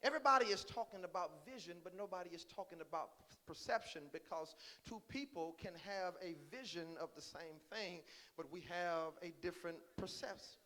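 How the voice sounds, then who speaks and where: A pastor preaching in a church, moving from calm teaching to loud, rising preaching and often repeating his first words. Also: high-pitched, brisk. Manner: repeats words as he starts lines. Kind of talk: sermon. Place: church sanctuary.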